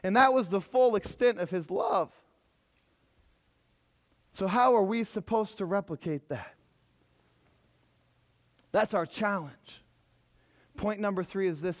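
High-voiced preacher, emphatic. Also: male voice. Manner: emphatic, swinging from loud exhortation to hushed storytelling. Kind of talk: sermon.

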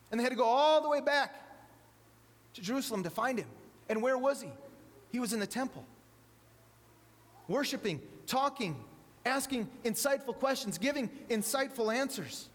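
A man's voice: very high-pitched, a bit bright, big-room sound. A man preaching a sermon to a congregation that includes children. He speaks conversationally, repeats words and asks the audience questions.

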